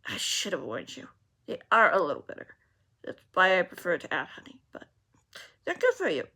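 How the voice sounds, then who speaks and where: A soft-spoken stranger in black, calm and coaxing, speaks quietly, as a woman reading her own story puts him on. The voice has a bright edge and a gravelly grain. It sits in a storybook reading. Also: lowish voice, normal speed, exaggerated voice. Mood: kindly. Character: gentle, soft-spoken pale man in black.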